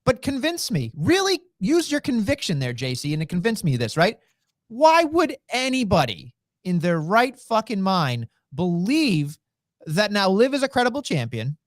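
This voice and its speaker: A woman's voice: medium pitch, wildly swooping pitch, normal speed, no echo, clean studio sound. A woman co-hosting a wrestling podcast, arguing skeptically in casual chat. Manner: argumentative, skeptical. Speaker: podcast co-host.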